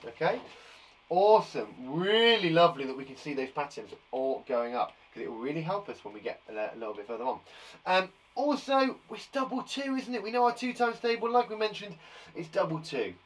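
A man's voice: a little high, sing-song, brisk, poor audio. A man from England teaching a live online maths lesson to young children, counting aloud and encouraging them with chatty asides. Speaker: primary school teacher.

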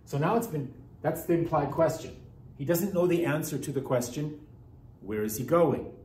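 A man's voice: normal speed, darkish tone, far from the mic. A man teaching a Greek class, explaining grammar step by step and asking rhetorical questions. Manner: explanatory, rhetorical questions, pitch rising and falling widely. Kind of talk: classroom lecture. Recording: echoey classroom, speaker off-mic, faint hiss.

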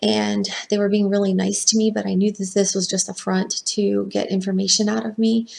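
A woman with a very creaky, flat voice recounts a dream, hesitating and slowing as she goes. Her pitch barely moves.

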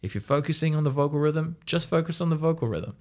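A man's voice: expressive, quick pace, darkish tone. A young man from Australia giving a casual music lesson, rambling and chatty, laughing often. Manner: rambling, chatty, laughs often, mimics reactions in a high squeal. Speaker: music coach.

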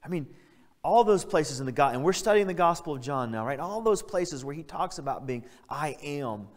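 A man's voice: on the high side, animated, moderate pace. A male pastor preaching a sermon, earnest and emphatic, stressing key words as he builds his point. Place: church sanctuary. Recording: church hall reverb.

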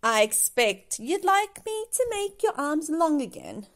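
A woman reading aloud and voicing a cheerful, bossy little magic woman from a storybook, giving crisp one-word commands. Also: sits high, big pitch swings, measured pace, voice pushed up. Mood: friendly.

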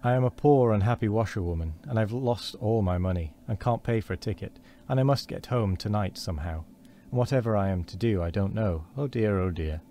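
A man's voice: fairly low pitch, fairly quick, hardly any pauses, mellow, a little hiss or hum, close to an everyday voice. A man voicing a boastful male toad disguised as a washerwoman, pleading and sobbing in a storybook reading. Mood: distressed.

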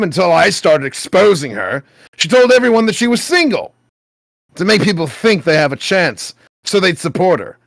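Guy reading forum posts for laughs, kinda high voice, bouncy, dry sound. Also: gravelly, dry recording. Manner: wry, laughs at what he reads. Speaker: host reading internet posts.

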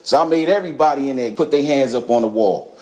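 A man recounts an event in casual, street-level speech. He swears freely and slips into the voices of the people he quotes. His voice sits at a middling pitch. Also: quick pace. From Brooklyn, New York. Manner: profane, animated storytelling, acting out quotes. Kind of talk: casual spoken recollection.

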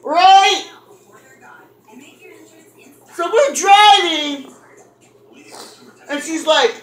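A woman telling a story in a loud, profane rant, cursing and laughing as she yells. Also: very high voice, a little slow. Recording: roomy echo.

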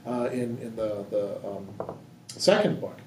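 A man with a lowish, expressive voice talks unhurriedly while leading a library book discussion. It's a casual talk full of fillers and restarts as he thinks aloud, recorded from a distance in an echoey hall with faint noise.

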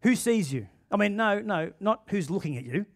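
A man with an Australian accent preaching a sermon in a church, swinging between loud emphatic bursts and quiet asides. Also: high voice, animated, normal speed. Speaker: pastor. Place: church auditorium.

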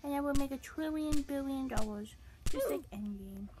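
A woman voicing a silly, boastful young puppy who talks through a game, giddy and bragging, jumping between shouts and whispers. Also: high voice, brisk. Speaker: channel host. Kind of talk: gameplay commentary in character.

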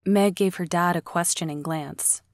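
A woman reading a novel aloud as an audiobook narrator, in a steady storytelling read. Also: fairly low pitch, a little slow, no room sound, clean studio sound.

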